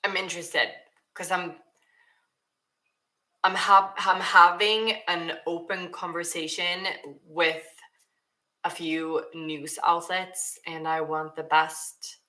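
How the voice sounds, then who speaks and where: Slow and lowish, her voice has little pitch movement and a bright, forceful quality. She's a Swedish woman, native in Swedish, streaming a casual Q&A where she reads viewers' questions aloud and often begins her sentences again.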